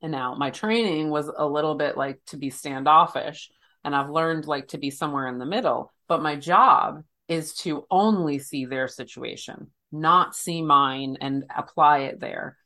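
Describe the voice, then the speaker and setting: Woman counselor, low voice, casual, searching speech. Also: measured pace, bright, forceful tone. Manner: searching, loose phrasing with many fillers. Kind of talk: casual conversation.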